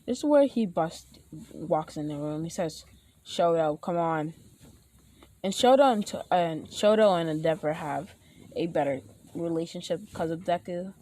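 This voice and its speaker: A woman's voice: fairly low pitch, moderate pace, dark tone. A young woman casually retelling her fan fiction story, rambling with many fillers and restarts and acting out the characters' lines.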